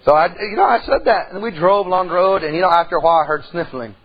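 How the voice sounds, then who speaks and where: A middle-aged man, preaching a folksy sermon that swings between loud outbursts and hushed tones. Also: sits high, animated, quick pace, dull audio. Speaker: pastor.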